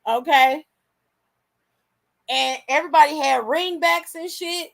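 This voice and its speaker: A young woman hosting, telling a story in a blunt, profane and animated way. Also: high-pitched, slow pace, creaky. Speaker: host. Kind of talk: casual storytelling.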